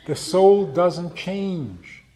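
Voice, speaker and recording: A man, a rabbi, giving a storytelling talk, speaking slowly and emphatically and acting out the quoted voices. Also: high voice, warm tone, a little hiss or hum. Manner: slow, emphatic, acts out quotes. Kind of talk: storytelling lecture.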